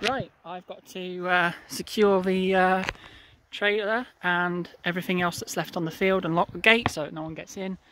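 A balloon retrieve driver giving a casual running commentary outdoors, explaining each step with frequent pauses. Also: medium pitch, fairly even intonation, fairly bright tone, a little hiss or hum. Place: outdoors in a field and by a car.

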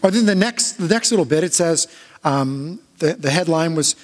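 A male pastor giving a conversational sermon, telling stories in a halting way with frequent restarts. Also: a little high, animated. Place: church sanctuary. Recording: long church reverb.

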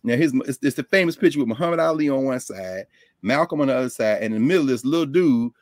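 A man guest on a live video call, telling stories in a casual, animated way, laughing often. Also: medium pitch, fast, dry recording, clean studio sound. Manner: animated, loose, laughs often, drops into quoted voices. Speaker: guest scholar. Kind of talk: casual conversational storytelling. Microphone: desk microphone on a video call.

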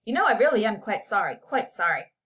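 A loud, blustering drunk party host who repeats himself and pushes people around, as a woman reading the story puts him on. He talks high and loud for a man in this storybook reading. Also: big pitch swings, brisk.

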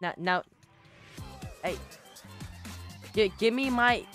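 A woman's voice: medium pitch, takes it slowly, faint music behind. A woman giving playful, jokey commentary while playing a video game, yelping and laughing often. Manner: excitable, jokey, yelps and laughs. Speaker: gaming YouTuber.

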